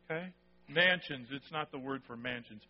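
A pastor with a medium-pitched voice delivers a sermon at a moderate pace. He talks conversationally and with emphasis, keeps asking "okay?" to check in with listeners, and the recording sounds dull and lo-fi.

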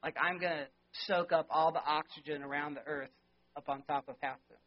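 High-voiced man preaching with emphatic questions. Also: steady tone, fairly quick. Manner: emphatic preaching, rhetorical questions, swings between loud and soft. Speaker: pastor. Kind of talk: sermon. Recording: dull lo-fi sermon recording.

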